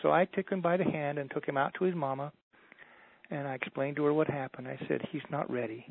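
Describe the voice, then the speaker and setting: A man telling stories as a motivational speaker in a radio interview, in a folksy, animated way. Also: on the high side, fast, vocal fry, dry recording. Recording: dry, tinny phone line.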